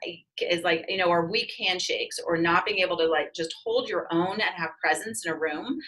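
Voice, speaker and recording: A woman guest in an interview with a bright, forceful tone and a lowish voice. She talks candidly and emphatically, doubling back and restarting as she goes. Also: normal speed, poor audio. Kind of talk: casual interview conversation.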